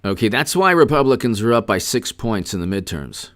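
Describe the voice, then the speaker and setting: A man's voice: on the low side, sing-song, a little fast, a bit bright. A man hosting a political livestream, greeting chat viewers and mocking his opponents sarcastically. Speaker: political commentator. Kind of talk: livestream commentary reading chat.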